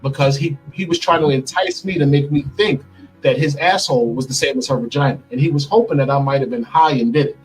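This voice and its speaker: A middle-aged man telling a personal story in an interview, animated and acting out the lines he quotes, played from a clip. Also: mid-range voice, fast, faint music behind, rough recording. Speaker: interview guest.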